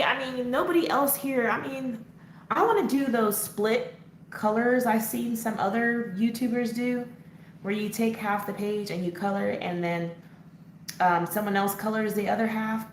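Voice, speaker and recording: A woman hosting a casual live coloring chat, answering viewer comments as she works and laughing often. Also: medium pitch. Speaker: coloring channel host. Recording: echoey room, faint background noise.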